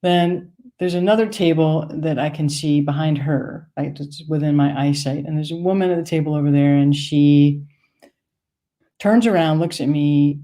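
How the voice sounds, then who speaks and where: A woman's voice: sits low, normal speed, warm tone. A woman from Maine telling a wry, conversational personal story on stage. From United States, Maine.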